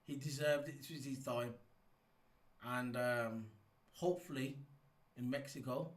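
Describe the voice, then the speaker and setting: A man giving a casual, rambling race review, excitable and full of ums and restarts. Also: mid-range voice, measured pace, distant mic. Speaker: F1 YouTube reviewer. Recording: echoey room, set back from the mic.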